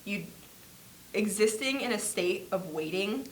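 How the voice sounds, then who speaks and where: A woman's voice: mid-range voice, lively intonation, a little slow. A young woman co-hosting a podcast, chatting casually and telling a story animatedly, with lots of filler words and acted-out quotes. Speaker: podcast co-host. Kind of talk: casual chat.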